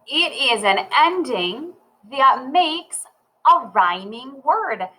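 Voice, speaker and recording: A woman teaching a children's phonics lesson, cheerful and slow, talking straight to the child. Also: high-pitched, very animated, pushed and bright, poor audio. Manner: cheerful, slow and sing-song, talks to the child. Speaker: reading teacher.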